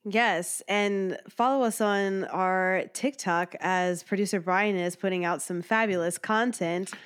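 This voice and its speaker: Woman with a sick, hoarse voice. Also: medium pitch, measured pace. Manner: playful, laughs easily. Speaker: podcast co-host. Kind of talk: casual podcast chat.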